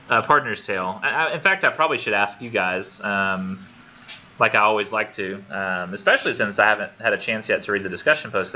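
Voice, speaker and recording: A man's voice: lowish voice, pushed and bright, dull audio. A man teaching a college literature class in a casual, rambling, self-deprecating way, in a classroom on a camera mic. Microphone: classroom computer camera for remote students.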